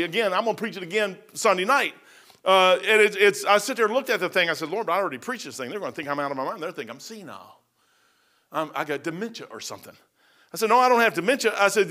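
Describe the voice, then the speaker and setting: Older male pastor, high voice, bright tone, casual sermon. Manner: casual preaching with asides and self-mocking humor. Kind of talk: folksy sermon.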